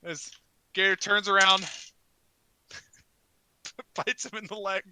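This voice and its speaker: A man narrating a tabletop game as game master, rowdy and laughing, shouting his characters' lines. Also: high-pitched, little pitch movement, takes it slowly, slight background noise.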